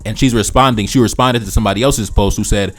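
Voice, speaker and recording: A man's voice: on the low side, quick pace, faint music behind. A man hosting reaction commentary in a preachy, repetitive way, often calling the listener brother. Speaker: commentary channel host.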